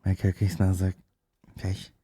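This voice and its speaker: A young hungover man with a Northern Irish accent, hosting a crude, animated podcast chat full of swearing and mimicked voices. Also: deep voice, a little slow, slightly rough. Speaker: podcast host. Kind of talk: crude casual banter.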